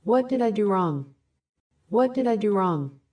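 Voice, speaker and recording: Woman, careful language-course reader, repeats each phrase, mellow voice. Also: medium pitch, animated, a little slow. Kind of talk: slow repeated phrase reading for learners.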